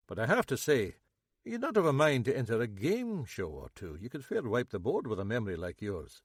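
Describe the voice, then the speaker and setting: A man voicing a wry older Scottish detective inspector with a dry, measured manner. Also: mid-range voice, big pitch swings, husky, no echo.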